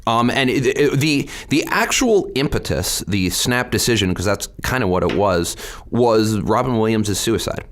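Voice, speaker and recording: Middle-aged guy on a podcast, low voice, telling it straight and lively. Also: moderate pace, slight background noise. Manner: candid, animated storytelling. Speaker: state representative guest. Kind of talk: podcast interview.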